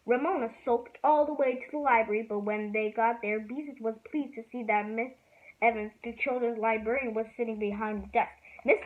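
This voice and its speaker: A woman reads a children's storybook aloud in a lively, expressive way. Her voice sits a little high, and the recording is tinny and phone-like. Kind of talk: reading a children's book aloud.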